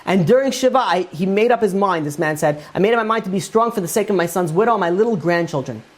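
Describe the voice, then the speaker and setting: A man's voice: high voice, lively intonation, fast. Rabbi guy telling a long story in his shiur, quoting everyone, loose chatty phrasing. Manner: retells a story at length with many quoted lines; loose spoken phrasing with repeated "he goes and he says". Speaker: rabbi giving a Torah class. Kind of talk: storytelling lecture.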